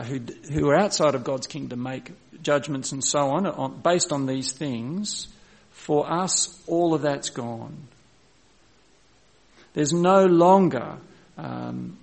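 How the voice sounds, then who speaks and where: A man preaching a sermon as pastor, reading scripture slowly and explaining it with frequent restarts. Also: fairly high pitch, gravelly. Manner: slows down to read scripture, restarts phrases.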